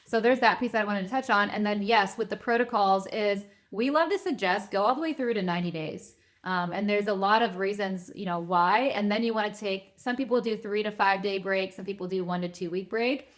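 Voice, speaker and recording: A woman guest on a podcast, an advisor, explaining her views in an earnest, measured way. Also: medium pitch. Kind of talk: interview answers.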